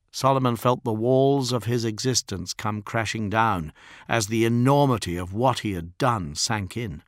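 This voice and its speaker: A man giving dramatic scripted narration of an audiobook in a measured, grave way. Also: fairly low pitch, no echo, clean studio sound.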